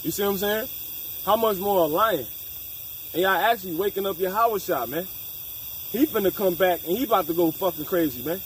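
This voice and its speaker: Animated man preaching with street slang. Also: sits high, a little fast, slight background noise, low-quality recording. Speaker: scripture study leader. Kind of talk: casual Bible study discussion.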